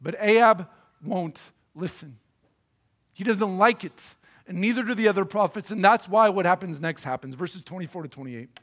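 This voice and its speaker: A man with a high voice preaches a sermon, explaining scripture in plain, conversational terms. He speaks earnestly and with emphasis, pressing his points home. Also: normal speed, a bit bright. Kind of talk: sermon teaching through a Bible passage.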